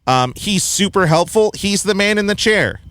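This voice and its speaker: A man's voice: high-pitched, animated, moderate pace, fairly bright tone, dry recording. A man hosting a casual film review chat, blunt and opinionated, often laughing at his own points. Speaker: podcast host reviewing a film.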